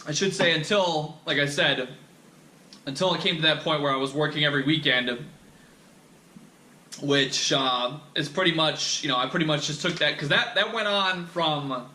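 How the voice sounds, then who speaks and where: A man's voice: fairly high pitch, normal speed, sharp tone, slight background noise. A young man hosting a podcast, telling a candid personal story in a rambling, profane way full of fillers and restarts. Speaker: podcast host. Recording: echoey room.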